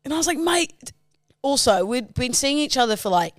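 A woman's voice: sits high, big pitch swings, normal speed, no echo, studio quality. A young adult woman, co-hosting a casual podcast, teasing and laughing often. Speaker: podcast co-host. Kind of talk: casual chat.

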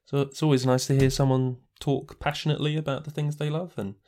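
A man hosting a podcast, chatting in a relaxed, wry way. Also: medium pitch, fast. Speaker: podcast host. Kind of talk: casual chat.

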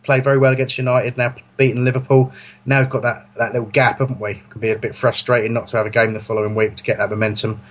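A man hosts a football fan podcast in a loose, rambling way, often stopping mid-sentence to fix his words. His voice sits at an ordinary middle pitch, and he chuckles easily through the chat. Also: flat delivery, fast. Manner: rambling, self-correcting, chuckling. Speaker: podcast host.

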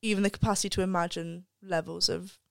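A young woman speaks frankly and thoughtfully in relaxed podcast chat. Her voice is smooth and clear. The sound is close and dry, with no room echo. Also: lowish voice, quick pace. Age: young adult. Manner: candid, swears freely, reflective. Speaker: podcast guest, undergraduate. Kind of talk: casual chat.

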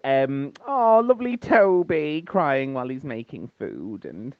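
A man's voice: big pitch swings, slow, pauses often, dry recording. A man leaving a chatty, silly voice message for a podcast. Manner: chatty, silly, sing-song with big pitch swings. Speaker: caller. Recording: dull lo-fi phone message.

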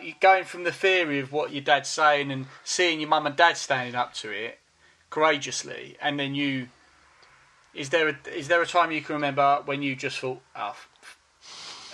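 A male interviewer talks in a casual, conversational way. His voice is bright and forceful. His questions wander and restart before they land. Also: medium pitch. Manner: halting, rambling questions with many restarts.

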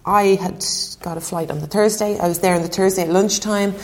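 Woman, casual interview chat, lively storyteller, laughs a lot. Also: mid-range voice, brisk. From Ireland. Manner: chatty, laughing, acts out dialogue. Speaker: interview guest, former goalkeeper.

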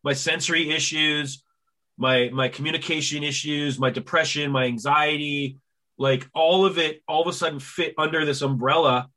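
A man in his forties hosting a podcast, telling long, animated stories full of acted-out quotes in a casual interview chat. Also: a little high, moderate pace. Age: 40s. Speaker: podcast host.

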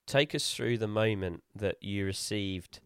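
A man's voice: on the low side, measured pace, fairly bright tone, smooth, dry recording, studio quality. A man hosting a casual interview, asking long, enthusiastic questions. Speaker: host.

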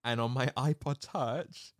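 A young woman chatting casually about a film, animated and laughing often. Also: measured pace, no room sound, studio quality. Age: young adult. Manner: animated, laughs a lot, jumps into high-pitched impressions.

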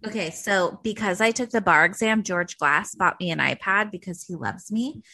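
Casting: young woman podcast co-host, animated and profane, dry close mic. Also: mid-range voice, normal speed, no room sound. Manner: animated, profane, squeals for quoted voices. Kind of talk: casual chat.

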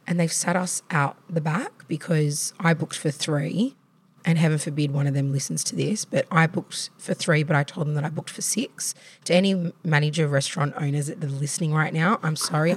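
A woman's voice: sits low, fairly even intonation, moderate pace, slightly rough. A woman in her thirties with an Australian accent, hosting a podcast and telling frank, chatty stories with laughs. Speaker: podcast host. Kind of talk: casual chat.

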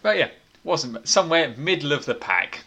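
A man's voice: a little high, sing-song, normal speed, vocal fry, a crowd in the background. A man hosting a casual movie review podcast, wry and opinionated as he leads the talk. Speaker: podcast host.

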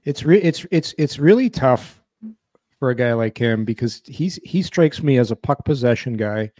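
Man, 50s, sports podcast co-host, rambling, repeats himself, medium pitch, dry close sound. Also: lively intonation, moderate pace, dark tone, no room sound. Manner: rambling, repeats words and restarts often. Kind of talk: casual sports chat.

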